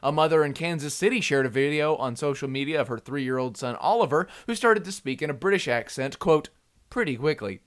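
A man's voice: fairly high pitch, expressive, brisk. A man co-hosting a casual comedy news chat, reading out stories, joking and laughing often. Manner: jokey, laughs often, reads news items aloud. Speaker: podcast co-host.

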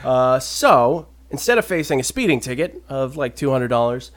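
A man co-hosting a casual talk show, telling an odd news story with animated delivery. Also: medium pitch, normal speed. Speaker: podcast co-host. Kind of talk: casual chat, reading news stories.

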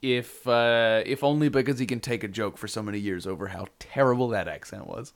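A man's voice: fairly low pitch, fairly quick. Jokey man reading news with laughs. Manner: jokey, laughs often, reads quotes aloud. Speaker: podcast co-host. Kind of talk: casual chat, reading news items.

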